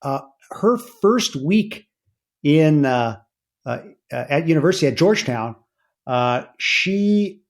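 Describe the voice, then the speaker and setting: A middle-aged man, a podcast guest, telling family anecdotes in a casual interview, animated and full of fillers. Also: slow pace. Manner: animated anecdotes with many fillers, rising pitch when excited.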